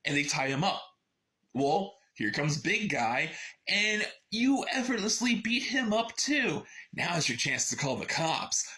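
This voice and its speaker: Animated, sarcastic man reviewing a book. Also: a little high, unhurried. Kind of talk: casual book summary.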